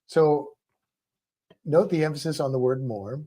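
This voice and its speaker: A man co-hosting a trivia livestream, reading out questions and viewer comments in relaxed chat, laughing easily. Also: on the high side, a little slow.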